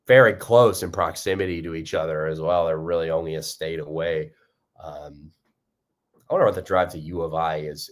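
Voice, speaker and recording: A young man hosting a fan podcast, rambling upbeat commentary with lots of fillers and restarts. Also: sits low.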